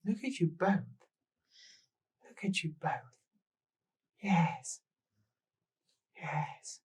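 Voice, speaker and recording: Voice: mid-range voice, lively intonation, extremely slow, a little mellow, breathy edge, voice pushed up, heavily acted. The game master voicing a scatterbrained, theatrical noblewoman who exclaims and repeats herself. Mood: gushing. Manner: sing-song, exclamatory, repeating words.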